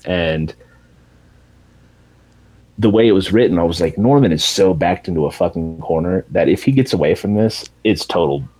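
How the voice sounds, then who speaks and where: A man's voice: low voice, normal speed, long pauses, breathy edge, low-quality recording. A man in casual chat, animatedly retelling a TV show's ending and swearing freely. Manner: animated storytelling with profanity, acting out characters in raised voices.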